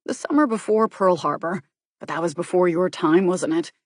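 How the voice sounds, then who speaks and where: A woman reading an audiobook, voicing a chatty, tactless male officer who talks quickly and gossips. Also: lowish voice, no room sound, studio quality, lightly acted. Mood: teasing. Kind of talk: audiobook character voice.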